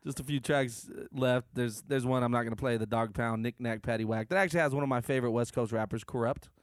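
A man co-hosts a casual podcast chat, laid-back and openly enthusiastic as he talks, swearing freely. His voice sits at an ordinary pitch. The sound is close and dry. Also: quick pace, dry recording. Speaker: podcast co-host.

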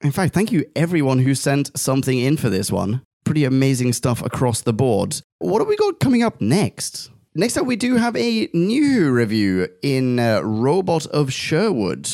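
A man co-hosting a podcast in playful, easygoing chat, his pitch rising and falling a lot as he talks. The sound is dry and close, with no room echo. He reads listener messages aloud with a bouncy, joking delivery. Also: huge pitch swings, moderate pace, gravelly, hardly any pauses, a little mellow. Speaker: podcast co-host.

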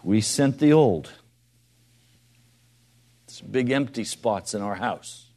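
A man preaches a sermon, putting direct questions to his listeners and shifting between soft, quiet asides and loud, emphatic appeals. His voice sits on the low side and is expressive, with a slow pace.

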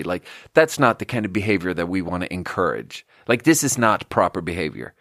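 A man's voice: sits low, sing-song, a little fast, few pauses, bright, forceful tone, dry recording, clean studio sound. A man hosting a podcast, telling a rambling, profane, self-amused story in a casual way. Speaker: podcast host.

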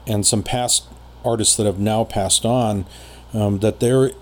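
A man telling a personal story in casual conversation as a podcast guest, rambling with many pauses and fillers. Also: fairly low pitch, fairly even intonation.

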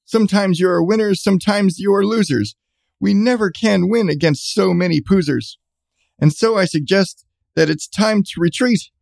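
A man's voice: high voice, moderate pace, gravelly, darkish tone, no room sound. A man voicing a blustering bellowing general. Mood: blustery. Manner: bellowing orders. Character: blustering boastful male army general.

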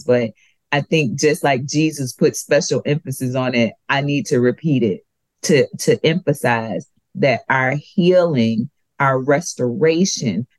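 A woman sharing Bible teaching in an earnest, emphatic way. She speaks slowly and deliberately and repeats key ideas for weight. The sound is dry and close. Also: very deep voice, dry recording, low-quality recording. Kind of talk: conversational Bible lesson.

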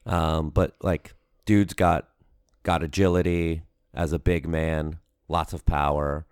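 Man, podcast co-host, rambling casual chat, dry close sound, unhurried. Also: extremely low pitch, level tone, smooth, no room sound. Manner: rambling, many fillers and restarts.

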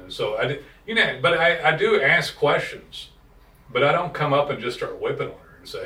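A man's voice: a little high, sing-song, normal speed, bright, forceful tone, echoey room, distant mic. A man co-hosting a casual podcast chat, blunt and profane, rambling through stories about clients. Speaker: podcast co-host, digital marketing business owner.

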